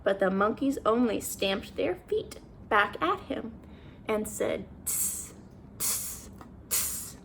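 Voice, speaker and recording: A woman reading a children's picture book aloud, pausing to ask the listener questions. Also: medium pitch, creaky, slight background noise. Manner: animated, asks the listener questions. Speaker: children's story reader. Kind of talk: read-aloud storytime.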